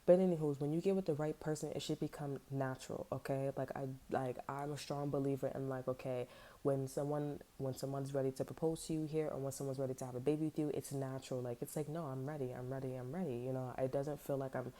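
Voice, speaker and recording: A woman with a low, mellow voice talks loosely and unscripted, a tarot reader who drifts into blunt, profane asides full of "like" and "you know". Her speech has features, and she jumps between stories before circling back to the reading. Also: steady tone, quick pace. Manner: blunt, profane, rambling storytelling with lots of fillers. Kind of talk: casual unscripted tarot chat.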